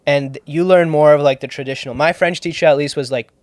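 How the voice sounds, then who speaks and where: A man's voice: a little high, steady tone, fast talker, no echo. Joking young man hosting a podcast. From Toronto, Canada. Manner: loose, joking, swears, laughs often. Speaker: podcast host and comedian. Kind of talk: casual chat.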